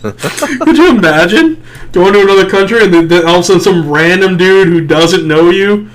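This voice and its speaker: A man's voice: high-pitched, expressive, normal speed, poor audio. A young man co-hosting a casual podcast, laughing often as he retells stories. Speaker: podcast co-host.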